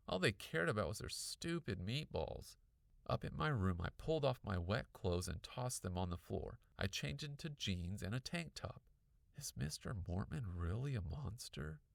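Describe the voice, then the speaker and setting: Man, storybook narration, gravelly, lively melody, dry sound. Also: on the low side, no room sound. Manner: lively expressive reading. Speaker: audiobook reader.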